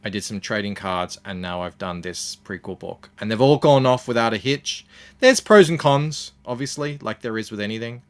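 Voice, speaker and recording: An Australian comics creator, speaking as an interview guest, tells stories in a relaxed, casual way, sprinkling in lots of ums and uhs. His voice sits on the low side, smooth, at a normal speed.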